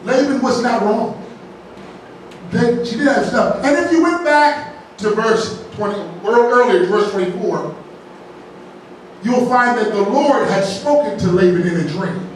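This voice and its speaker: Man pastor preaching, high voice, heard from far off in a very echoey church with a faint hiss. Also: a little slow. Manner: folksy preaching with jokes, asks "right?" often. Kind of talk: sermon. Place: large church sanctuary. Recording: very echoey church, distant mic, faint noise.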